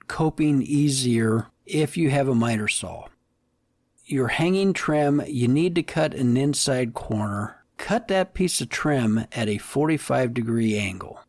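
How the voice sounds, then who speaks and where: A man's voice: medium pitch, darkish tone, no room sound. A man hosting a casual solo woodworking podcast, rambling through shop stories and puns and laughing at his own jokes.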